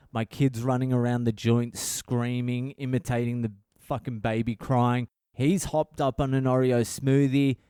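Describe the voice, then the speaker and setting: A foul-mouthed comedian man from Australia, in his thirties, tells his story in a rambling, exasperated rant. His voice is mellow and smooth. The podcast mic sounds close and dry. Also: mid-range voice, no echo. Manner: swears constantly, rambling and exasperated. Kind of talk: comic storytelling monologue.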